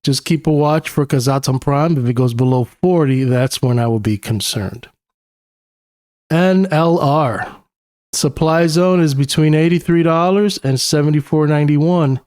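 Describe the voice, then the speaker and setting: This young man, a New York City technical analyst with the local accent, reasons aloud over market charts on screen share, full of uhs and you-knows. His higher voice has a darkish tone and moves a little slowly; the studio recording is clean, without room sound.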